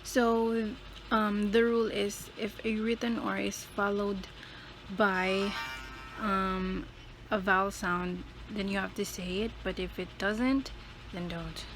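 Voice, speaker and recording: A woman presenting a school video, calmly explaining pronunciation tips and repeating example words one by one. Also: medium pitch, takes it slowly, music in the background, poor audio. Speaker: student presenter.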